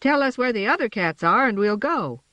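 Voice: mid-range voice, animated, normal speed, sharp tone, no room sound, pitched above the performer's own voice. A storybook narrator voicing James, an earnest young winged tomcat who calls out urgently, in a slightly dull, dry recording. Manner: urgent, calling out.

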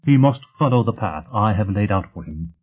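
A man's voice: fairly low pitch, animated, moderate pace, breathy edge. A man voicing a haughty older society mother who speaks in a stiff, imperious way. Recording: tinny phone-like sound.

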